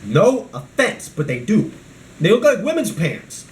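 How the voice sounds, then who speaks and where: Rambling, ranting man with a lively voice. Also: high voice, a little slow, roomy sound, slight background noise. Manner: rambling and ranting, jumping between topics. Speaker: vlogger. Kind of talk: rambling toy review vlog.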